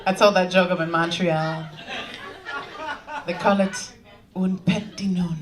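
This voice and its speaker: A woman's voice: fairly low pitch, steady tone, slow pace, a crowd in the background. A young woman from Long Island with a Long Island accent, doing a brash stand-up comedy set with confiding punchlines. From Long Island, New York. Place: comedy club stage. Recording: noisy live club recording from some distance.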